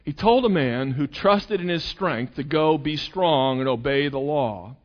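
A man's voice: fairly high pitch, a little slow. A male pastor preaching a sermon, acting out quoted voices with sarcasm. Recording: dull sound with long hall reverb.

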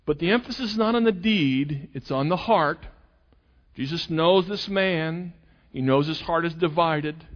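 A male pastor preaching a sermon, acting out quoted voices with sarcasm. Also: fairly high pitch. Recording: dull sound with long hall reverb.

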